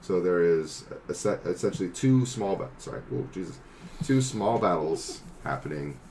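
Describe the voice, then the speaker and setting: A man narrating as game master of a tabletop game, explaining rules and scenes in a halting way full of fillers. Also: sits low, expressive, darkish tone, a little hiss or hum.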